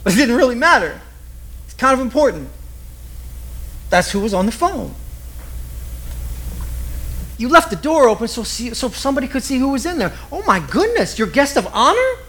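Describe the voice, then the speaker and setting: A man preaching a sermon with lively storytelling, acting out the people he quotes. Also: extremely high pitch, moderate pace, pauses often. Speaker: pastor.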